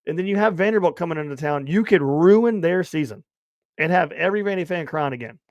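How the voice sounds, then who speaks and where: A man co-hosting a sports podcast in casual chat, rambling and animated with loud bursts. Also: on the high side, brisk, dry recording, highs cut off. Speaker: podcast co-host.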